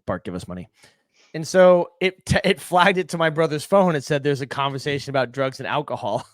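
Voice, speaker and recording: A man's voice: fairly high pitch, expressive, fairly quick, dry recording, clean studio sound. A man co-hosting a podcast, telling rambling, profane anecdotes in casual chat. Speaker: podcast co-host.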